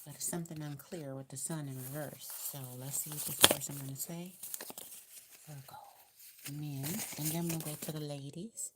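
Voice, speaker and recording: A woman's voice: sits low, fairly even intonation, moderate pace, heavy background noise. A woman with a Southern US accent giving a casual tarot card reading, chatty and encouraging, repeating her advice in a colloquial way. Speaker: tarot reader.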